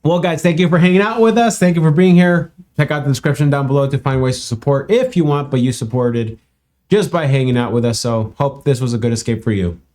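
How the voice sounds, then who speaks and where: A man's voice: mid-range voice, fairly quick, a little mellow. A man hosting a music reaction video, chatting casually in a loose, rambling way full of fillers. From South America. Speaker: reaction channel host. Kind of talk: casual chat.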